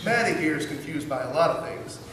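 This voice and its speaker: A woman's voice: low-pitched, fairly quick. A teenage girl co-presenting a comedy sketch with dry, teasing lines. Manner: dry, teasing, lively delivery. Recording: echoey room from far off, noise behind.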